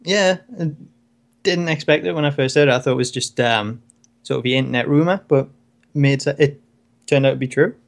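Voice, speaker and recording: A man co-hosts a wrestling talk show in casual conversation, sounding relaxed and slightly hesitant as he restarts words while working through his thoughts. His voice is medium in pitch, fairly quick, and has vocal fry.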